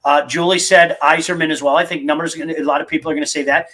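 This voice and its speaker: A middle-aged man hosting a casual sports podcast from a basement studio, excitable and chatty, reading out listener picks. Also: on the high side, very fast, low-quality recording. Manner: excitable, chatty, jumps between topics. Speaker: podcast host.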